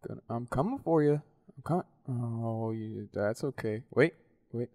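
A young man casually commenting on his gameplay, excitable and playful, shouting at wins and losses. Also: medium pitch, moderate pace, dry recording, clean studio sound. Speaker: gaming video host.

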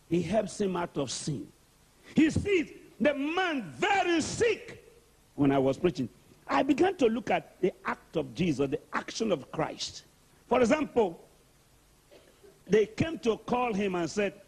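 A man's voice: sits high, big pitch swings, moderate pace, pauses often, slightly rough. A man with a Nigerian accent preaching an emphatic sermon and calling for responses from the congregation. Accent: Nigerian English. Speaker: archbishop, preacher.

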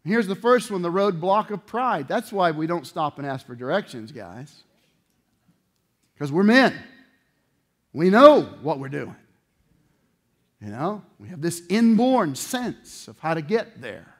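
High, animated preacher man. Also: measured pace, pauses often. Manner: animated, acts out voices and swings from loud to low. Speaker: pastor. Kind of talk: sermon.

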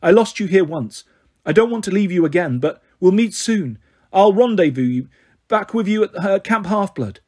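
A man voicing a blunt, fierce teenage girl huntress who talks gruffly. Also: high-pitched, lively intonation, moderate pace, darkish tone.

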